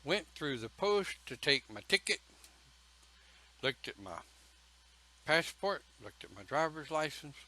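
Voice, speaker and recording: Slow, bright-voiced man telling a story. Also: on the high side, sing-song, poor audio. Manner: slow, folksy, emphatic storytelling with pauses. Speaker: pagan church speaker. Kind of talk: casual personal storytelling.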